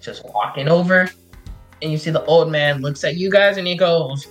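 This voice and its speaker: Joking, chatty game master, middle-pitched, faint music behind. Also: moderate pace, rough recording. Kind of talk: narrating a tabletop game.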